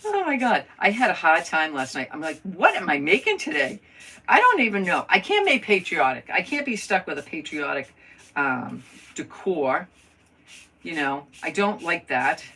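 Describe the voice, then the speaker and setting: Chatty low-voiced woman crafting live. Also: sing-song, moderate pace, bright, forceful tone, breathy edge, recorded from a distance, low-quality recording. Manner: chatty, thinks aloud while working and greets viewers. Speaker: crafter hosting a live stream. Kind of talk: casual live crafting chat.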